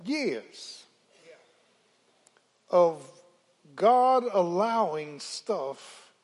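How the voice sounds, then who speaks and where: An older woman preaching a sermon, telling folksy stories and calling out to the congregation, dropping to hushed asides and rising to shouts. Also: on the low side, big pitch swings, very slow. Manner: dramatic swings from hushed asides to shouted exclamations; folksy storytelling with call-and-response to the congregation.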